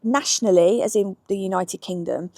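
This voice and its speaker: A middle-aged history YouTuber from Birmingham, England, speaks with a Brummie accent in a mellow, mid-range voice at normal speed, with no echo. Outdoors in a garden, she answers viewers' questions candidly, adding frank asides.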